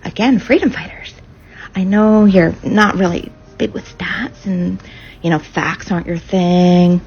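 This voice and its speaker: A recruiter from Canada, ranting sarcastically at her audience and dropping into breathy, taunting asides. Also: on the low side, lively intonation, moderate pace, a little mellow, dull audio. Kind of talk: sarcastic social media rant.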